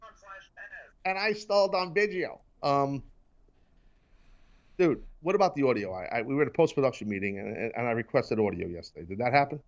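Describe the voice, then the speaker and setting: A man's voice: medium pitch, big pitch swings, fairly quick, long pauses, lo-fi sound. A man hosting a casual talk show, ranting in mock anger and teasing his crew. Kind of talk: casual sports and wrestling chat.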